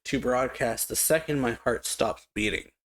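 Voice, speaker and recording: A man reading out the lines of a solemn old male scientist, slow and measured. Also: medium pitch, a bit bright, close to an everyday voice.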